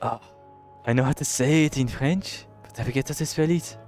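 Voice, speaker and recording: A young British man commenting casually on a game he is playing, swearing and reacting loudly to what happens on screen. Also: mid-range voice, a little fast, soft background music. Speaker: streamer.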